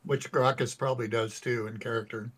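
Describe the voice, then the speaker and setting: A man with a husky voice plays a tabletop game, dry and wry, grumbling in a deadpan way. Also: medium pitch, fairly quick. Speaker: player. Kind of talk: casual tabletop play.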